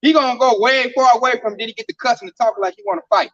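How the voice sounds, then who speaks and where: A man's voice: extremely high pitch, very fast, fairly bright tone, no room sound, far from the mic. A man speaking at an informal scripture discussion, telling stories in an emphatic, slangy way. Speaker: camp speaker. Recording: dull sound from off the mic.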